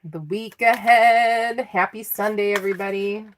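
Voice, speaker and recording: Casual tarot reader, middle-aged woman, slow and chatty with frequent laughs. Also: medium pitch, steady tone, a little hiss or hum. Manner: chatty and self-teasing, laughing often. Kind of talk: live tarot reading.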